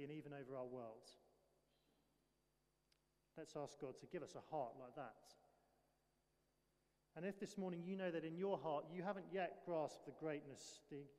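A man's voice: on the high side, a little mellow. A man preaching a sermon, earnest and pressing his listeners with rhetorical questions. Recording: long hall reverb.

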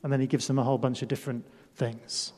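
A man's voice: mid-range voice, level tone, fast talker, mellow, slightly rough. A man preaching a sermon with a children's demonstration in a church hall. He talks playfully, pokes fun at himself and calls up volunteers.

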